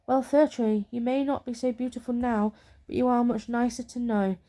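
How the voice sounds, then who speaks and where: Kindly sturdy oak tree, voiced softly by a woman, whispered role-play, higher pitch. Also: fairly even intonation, normal speed, lightly acted.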